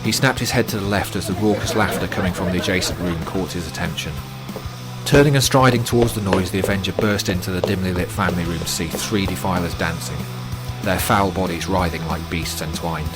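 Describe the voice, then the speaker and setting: A man reading a horror audiobook in a dramatic, measured way. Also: deep voice. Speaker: narrator. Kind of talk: scripted horror story narration. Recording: narration with loud music bed.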